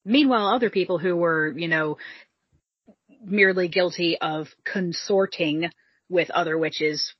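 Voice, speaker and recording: Low husky woman rambling thru a history story, kinda dull dry sound. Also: a little slow, no echo. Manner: chatty, many fillers, acts out quotes. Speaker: podcast co-host. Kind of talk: casual history chat. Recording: dull, dry close mic.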